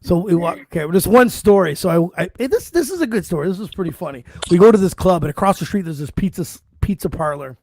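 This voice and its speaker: A man's voice: high voice, lively intonation, fast, few pauses, a little mellow, dry recording. A man in his forties hosting a podcast, telling loose stories in casual chat, swearing often and laughing between lines. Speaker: podcast host.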